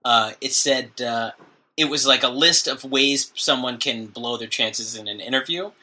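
A man's voice: medium pitch, unhurried, sharp tone. A man co-hosting a podcast, chatting casually and joking with frequent laughs. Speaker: podcast co-host. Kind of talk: casual chat.

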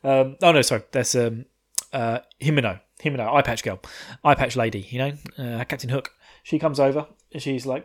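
A man's voice: medium pitch, a little fast. A man in his thirties co-hosting a podcast, casually recapping an anime episode in a rambling way, chuckling often and swearing freely. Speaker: podcast co-host.

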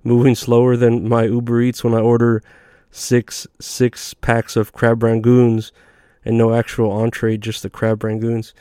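A man's voice: mid-range voice, monotone, unhurried, dark tone, clear, resonant tone, no echo, clean studio sound. A man hosting a comedy podcast, telling rambling, profane stories in a laid-back, casual way. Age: adult.

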